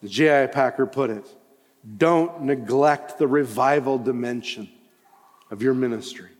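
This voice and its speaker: A pastor delivers an impassioned sermon in a reverberant hall, his delivery swelling into loud, emphatic cries. His voice is mid-range and a little slow.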